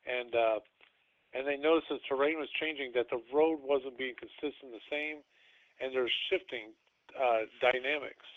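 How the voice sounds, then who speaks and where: A podcast host, a man with a voice of ordinary pitch, rambles through a long story and acts out what people said. It sounds tinny, as if it came over a phone line. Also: steady tone, moderate pace. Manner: rambling retelling, acting out quotes. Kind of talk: casual storytelling.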